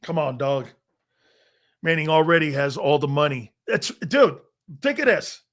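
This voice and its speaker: A man's voice: a little high, sing-song, unhurried, a bit bright. A middle-aged man hosting a sports talk show, telling boastful, profane stories in a casual chat and laughing often.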